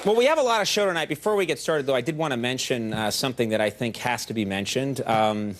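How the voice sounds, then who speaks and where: Man hosting late-night monologue, lively pitch, self-mocking, shouty bursts, old vhs broadcast, loud audience laughter. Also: quick pace, a crowd in the background, noisy background. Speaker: late-night talk show host. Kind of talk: comedy monologue. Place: television studio stage before live audience.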